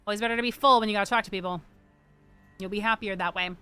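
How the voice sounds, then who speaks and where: A woman's voice: medium pitch, fairly even intonation, racing, bright, forceful tone, clean tone, faint music behind. A young adult woman livestreaming a game, chatting casually in a rambling, joking way and swearing freely. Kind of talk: casual chat while gaming.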